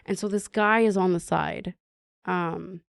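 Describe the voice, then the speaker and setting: Woman from Canada, podcast guest, earnest storytelling, lowish pitch, dry close sound. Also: fairly even intonation, measured pace, gravelly, clear, resonant tone, no room sound. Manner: earnest, many "like" fillers, acts out dialogue. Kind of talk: telling her recovery story in an interview.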